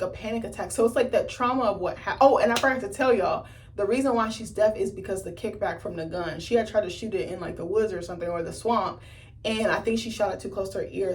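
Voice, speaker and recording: A woman giving a casual, animated film review, swearing freely and acting out scenes with sudden jumps in her voice. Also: medium pitch, recorded from a distance.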